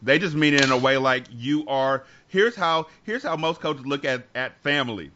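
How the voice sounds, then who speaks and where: A man's voice: medium pitch, moderate pace, few pauses, sharp tone. Earnest man on a lo-fi podcast. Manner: earnest, reflective, with many restarts. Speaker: podcast co-host. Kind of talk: candid conversational talk.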